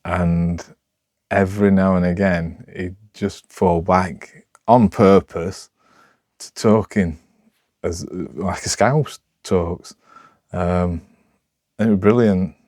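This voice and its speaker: A man with a Sheffield accent talking unscripted to camera, rambling and halting with lots of restarts, in a rough, broad way of speaking. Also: low voice, fairly even intonation, darkish tone, no echo, studio quality. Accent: Sheffield, Yorkshire. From Sheffield, England. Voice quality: rough, broad local speech. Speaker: vlogger.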